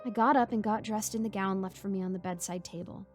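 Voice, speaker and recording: A woman's voice: mid-range voice, fairly even intonation, fast talker. A woman narrating a creepy first-person horror story in a tense storytelling manner. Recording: music bed under voice.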